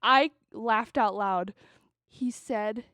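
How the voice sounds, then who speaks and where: A young woman co-hosting a podcast, telling stories in a casual, animated way and laughing often. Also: on the high side, very slow, no room sound, clean studio sound. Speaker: podcast co-host. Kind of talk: casual chat.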